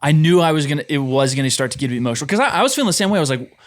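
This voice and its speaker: A man's voice: fairly high pitch, fast talker. A man co-hosting a podcast, talking casually about a film and acting out his own reactions. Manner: animated, acts out his own reactions in quotes. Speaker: podcast co-host. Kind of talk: casual film review chat.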